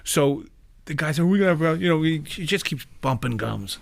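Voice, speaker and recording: A man who works as a defense attorney, speaking in a relaxed, measured way and explaining legal points during a casual chat. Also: fairly high pitch, vocal fry. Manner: measured storyteller, explains the law.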